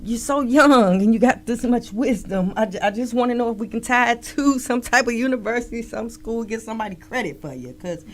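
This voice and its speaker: A male interview host asking questions in a casual, emphatic, animated way and reacting readily. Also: very high-pitched, a little fast, few pauses.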